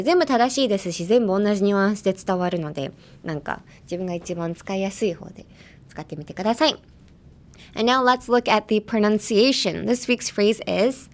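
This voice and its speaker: A woman hosting a podcast English lesson, explaining phrases in Japanese and English and demonstrating sounds slowly. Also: medium pitch. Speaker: host, English teacher.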